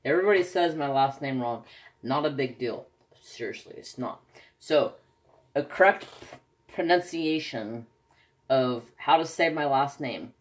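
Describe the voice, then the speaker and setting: A man's voice: medium pitch, unhurried. A man chatting casually in his craft vlog, telling anecdotes animatedly. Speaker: craft vlogger. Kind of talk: casual chat while crafting.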